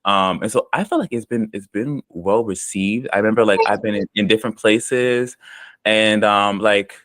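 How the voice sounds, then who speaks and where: An American man telling stories about his experiences in a relaxed, rambling interview manner, full of ums and likes. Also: fairly low pitch, normal speed, no echo. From United States. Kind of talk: casual conversational storytelling.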